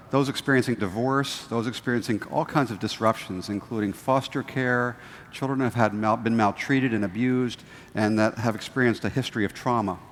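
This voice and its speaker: A man moderating a panel, giving a measured formal introduction with frequent hesitations. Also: medium pitch, a little hiss or hum. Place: large lecture hall. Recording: distant mic in a large reverberant hall.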